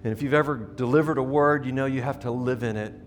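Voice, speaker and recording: A middle-aged man with a steady, medium-pitched voice speaks quickly from the church sanctuary, delivering a sermon to his congregation. The pastor sounds earnest and conversational, and he frequently starts his sentences over.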